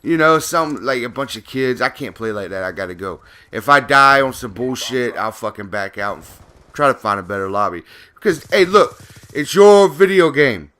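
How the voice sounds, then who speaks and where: A man's voice: medium pitch, animated, normal speed, a bit bright. A man, a gaming YouTuber, talking in a casual, profane, rambling rant over gameplay commentary.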